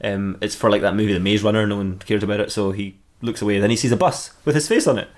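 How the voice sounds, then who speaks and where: A man hosting a comedy podcast, rambling and swearing through an improvised comic story. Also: fairly low pitch. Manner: rambling, swearing, quick restarts. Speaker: podcast host.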